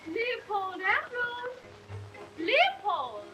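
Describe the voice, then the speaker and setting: A woman's voice: extremely high pitch, sing-song, extremely slow, music in the background, exaggerated voice, rough recording. A woman playing a refined, gushing lady looking over a house in a 1930s film comedy.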